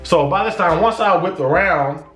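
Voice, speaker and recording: A man's voice: sits high, moderate pace, soft background music. Man telling a story, echoey room. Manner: animated, acts out his own shouts and dialogue. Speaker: vlogger. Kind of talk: casual storytelling.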